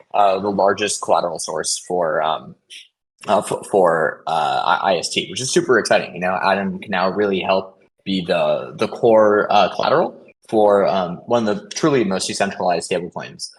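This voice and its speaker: A man giving a casual update on a community voice call, talking quickly with lots of fillers and restarts. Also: low voice, rough recording. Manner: hesitant, many fillers and restarts; fast, caffeinated talk. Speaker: protocol contributor hosting a community call.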